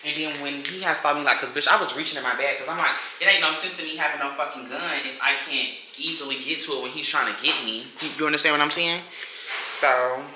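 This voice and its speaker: A woman's voice: deep voice, quick pace, pushed and bright. Young woman vlogging on her phone, chatty and blunt, swears a lot, echoey room, noisy behind her. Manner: chatty, blunt and heavily profane. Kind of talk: casual vlog chat. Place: apartment, then out shopping. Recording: echoey with background noise.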